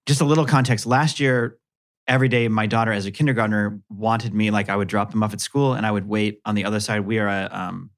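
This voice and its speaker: A man in his thirties, a guest podcast co-host, telling a self-deprecating story in a casual, animated way. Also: fairly low pitch, quick pace.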